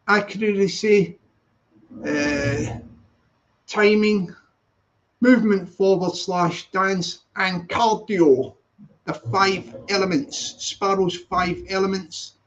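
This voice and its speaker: A Scottish man hosting a casual live stream, upbeat and chatty, repeating his greetings. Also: sits high. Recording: dull lo-fi sound.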